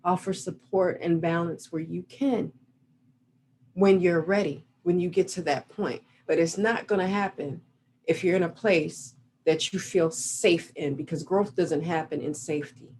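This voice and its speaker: A woman's voice: fairly low pitch, fairly even intonation, unhurried, a little mellow, slight background noise. A middle-aged woman coach giving a reflective, motivational talk over a video call. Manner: earnest, reflective, guiding listeners through an exercise. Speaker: relationship coach.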